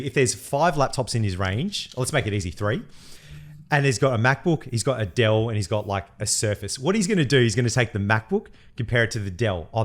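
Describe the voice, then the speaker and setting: A man talks through a business point as a podcast co-host. He tells it as an animated story, casual and a bit profane, in a voice of ordinary middle pitch.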